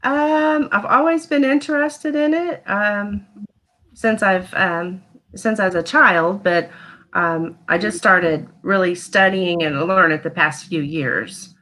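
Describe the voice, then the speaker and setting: A woman's voice: mid-range voice, takes it slowly, pushed and bright, poor audio. A woman from Missouri, a tarot card reader guest, answering hesitantly with many ums. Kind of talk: casual interview.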